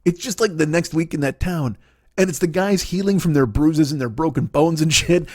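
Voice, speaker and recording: A man's voice: on the high side, moderate pace, a little mellow, no echo, clean studio sound. A man in his forties hosting a comedy podcast, ranting in a profane, rambling way with frequent stammered restarts. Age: 40s. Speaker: podcast host. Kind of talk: comedic rant monologue.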